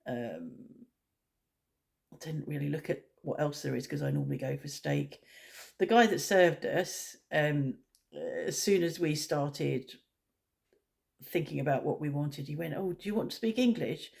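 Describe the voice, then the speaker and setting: Low, gravelly-voiced woman chatting. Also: animated, a little slow, pauses often, a little mellow. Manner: opinionated, blunt. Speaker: vlogger. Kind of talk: casual rambling chat.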